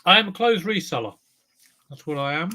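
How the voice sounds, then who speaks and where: A man's voice: a little high, expressive, a little fast, pushed and bright. A man chatting casually on his live stream as a clothes reseller, self-mocking, humming along and talking while he eats. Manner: chatty, self-mocking, breaks into song and talks while eating.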